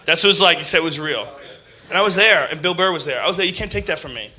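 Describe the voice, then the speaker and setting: A man with a high, piercingly bright voice runs a casual podcast rant. He swears freely, laughs through his stories and puts on mocking voices for other people. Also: fast. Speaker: podcast host.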